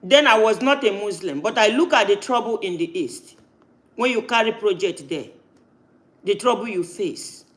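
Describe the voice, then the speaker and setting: High-voiced man hosting. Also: expressive, moderate pace, a bit bright. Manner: insistent, cuts in with repeated no's. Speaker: live-stream host. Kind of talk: heated live-stream talk.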